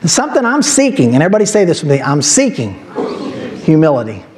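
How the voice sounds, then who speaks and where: A man's voice: on the high side, big pitch swings, racing, crowd noise. A man pastor preaching a sermon in a church, teaching from scripture and building to emphatic exhortation. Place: church sanctuary.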